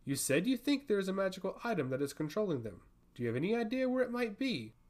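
Male narrator playing a proud, rude high priestess: curt and indignant. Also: big pitch swings, quick pace, darkish tone. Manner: curt, indignant, sharply questioning. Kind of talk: audiobook fantasy reading.

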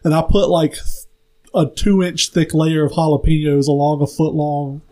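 A man's voice: a little high, steady tone, a little slow, warm tone, poor audio. A young man co-hosting a podcast, laid-back and profane, telling a story from an old job. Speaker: podcast co-host. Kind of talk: casual chat.

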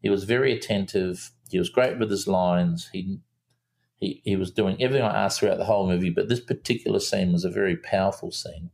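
Gravelly man, a director guest, rambling animated anecdotes. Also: deep voice, fairly quick. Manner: animated storyteller, acts out quotes in a raised voice, many fillers and restarts. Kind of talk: casual storytelling interview.

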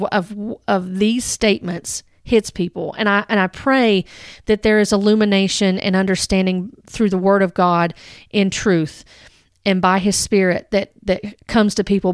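An earnest woman talks through a religious teaching and rebuts it point by point. Her voice is smooth and clear at a middle pitch. The sound is dry and close, with no room around it. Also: normal speed, no echo. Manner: earnest, reads quotes aloud then rebuts them. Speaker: Christian commentator. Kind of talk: critical teaching commentary.

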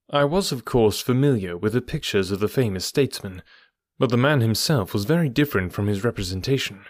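A man's voice: on the low side, expressive, fairly quick, dry recording. Man narrating an audiobook, dry and close. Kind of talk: scripted narration.

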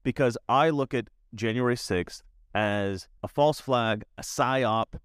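A man giving opinionated commentary as a YouTuber, emphatic and repetitive, with animated asides. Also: medium pitch, takes it slowly, smooth, no room sound, clean studio sound.

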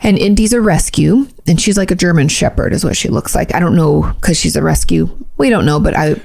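A woman's voice: fairly low pitch, a little fast, vocal fry, darkish tone. A woman co-hosting a podcast in casual chat, blunt and chatty, swearing now and then. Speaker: podcast co-host.

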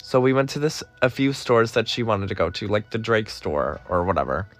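A man's voice: fairly low pitch, big pitch swings, a little fast. A young man telling a story in a casual, gossipy way, swearing and dramatic. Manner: gossipy, profane, dramatic retelling. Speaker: podcast host.

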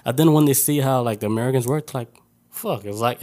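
A man's voice: medium pitch, fairly quick, dark tone. A man co-hosting a podcast in casual chat, laid-back, often agreeing, and swearing freely. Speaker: podcast co-host.

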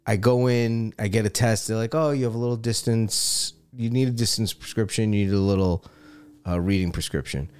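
In casual podcast chat recorded in Los Angeles, a middle-aged man with a fairly low, smooth voice tells a funny story a little fast. The anecdote is animated, and he laughs and swears often as he goes.

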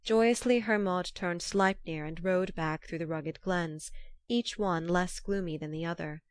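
A woman narrating an old myth in a measured, formal storytelling manner. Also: on the low side, smooth, no room sound.

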